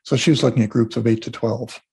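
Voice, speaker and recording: A man being interviewed as an energy healer, telling animated stories and acting out what people said. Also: medium pitch, quick pace, breathy edge. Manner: animated storyteller, acts out quotes. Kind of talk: casual interview talk.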